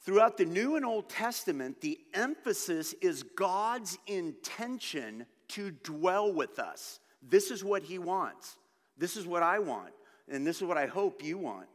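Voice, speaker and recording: A man preaching a sermon as pastor, emphatic and animated with conversational asides. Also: high voice. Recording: reverberant hall.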